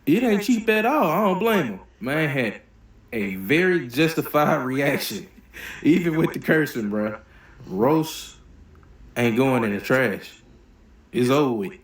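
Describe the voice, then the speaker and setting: A man hosting a movie reaction video, giving blunt, profane, animated opinions in casual commentary. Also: medium pitch, takes it slowly, echoey room.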